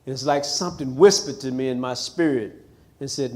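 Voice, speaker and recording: A man's voice: medium pitch, a little fast, darkish tone. A man of around sixty from Missouri, a pastor giving a live testimony talk in a chapel with emphatic, preacher-like storytelling. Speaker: pastor telling his life story.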